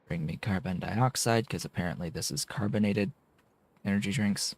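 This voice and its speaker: A man's voice: deep voice, moderate pace, dry recording. A man streaming a game, chatting playfully and sometimes cooing to his cat in a sing-song voice. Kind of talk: casual live-stream commentary.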